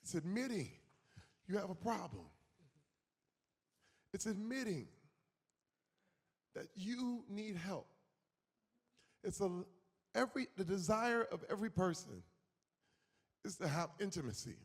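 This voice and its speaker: High, gravelly-voiced man in a reverberant hall. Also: measured pace, long pauses. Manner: animated, acts out quoted voices, emphatic. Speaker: conference guest. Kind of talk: on-stage conversation. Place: conference hall.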